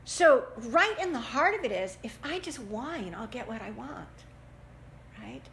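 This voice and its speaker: Woman, parenting class teacher, expressive and animated, slightly high voice, roomy echo. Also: unhurried, creaky, a little hiss or hum. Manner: animated, acts out quotes in voices, laughs often. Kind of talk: church parenting class talk. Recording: echoey room with faint ambience.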